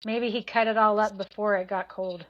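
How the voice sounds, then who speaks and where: An American woman co-hosting a podcast, chatting casually with quick quips and laughs. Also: mid-range voice, fairly even intonation, dull audio. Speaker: podcast co-host. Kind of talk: casual chat.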